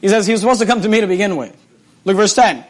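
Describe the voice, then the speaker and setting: A man preaches a sermon in a high-pitched voice at a racing pace, reading scripture aloud and retelling it. His animated, repeated phrases swing between loud and hushed.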